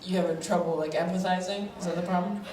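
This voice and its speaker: Woman stand-up, 30s, sarcastic and quick, live stage mic with crowd noise. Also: on the low side, fairly even intonation. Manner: quick, sarcastic, laughing asides. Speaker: stand-up comedian. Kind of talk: stand-up comedy with crowd work. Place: large theater with audience. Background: audience laughter.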